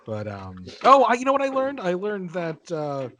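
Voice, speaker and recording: Man, podcast host, casual joking chat, slightly high voice, faint background hiss. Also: huge pitch swings, moderate pace, pushed and bright. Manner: joking, profane, leading the questions.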